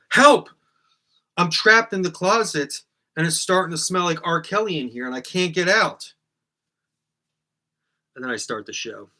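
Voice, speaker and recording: Male comedy host, bright forceful tone, deadpan rambling monologue to camera, lots of ums, small closet room. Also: mid-range voice. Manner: meandering, full of ums, bursts into loud put-on shouts.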